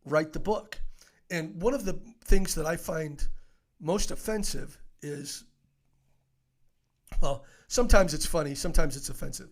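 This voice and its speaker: A middle-aged man telling stories as an interview guest, animated and laughing often, full of fillers and restarts. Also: fairly high pitch, measured pace, long pauses. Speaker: podcast guest, author. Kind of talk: casual interview storytelling.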